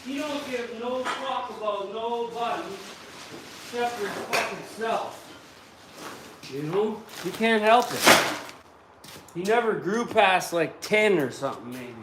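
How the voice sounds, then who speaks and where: A man's voice: high voice, a little slow, pauses often. Crude, grumbling man in an echoey shop. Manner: crude, joking, grumbling to himself. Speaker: vlogger. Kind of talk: casual workshop vlog. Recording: roomy and distant, noisy background.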